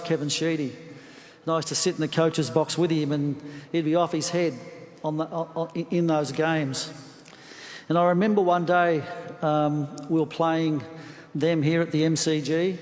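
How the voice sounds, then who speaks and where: Australian male coach, sixties, eulogy storyteller, somewhat raised pitch, hesitant restarts, reverberant hall. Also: darkish tone. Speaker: football coach giving a eulogy. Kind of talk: memorial speech with anecdotes. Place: large funeral venue. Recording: long reverb of a large hall.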